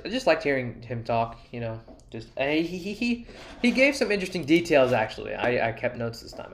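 A man talking alone into a podcast mic in a loose, rambling way. He jokes at his own expense and drifts between asides before circling back. His pitch sits in an ordinary middle range. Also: a little hiss or hum. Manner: rambling, self-deprecating, jokey asides. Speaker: podcast host. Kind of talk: casual solo podcast monologue.

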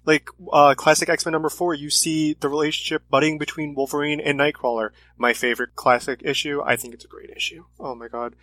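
A man's voice: fairly high pitch, flat delivery, a little fast, few pauses, pushed and bright. A man in casual chat about comics, earnest and reflective in his views. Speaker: comic podcast co-host.

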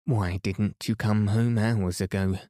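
A man voicing a sharp-tongued woman servant who scolds children, in a storybook reading. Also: lowish voice, steady tone, slow pace, no echo, studio quality. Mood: scolding. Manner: stern, scolding.

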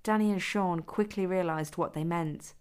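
Woman reading a story, lowish voice. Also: normal speed, clear, resonant tone. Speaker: author and narrator. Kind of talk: reading an adult story aloud.

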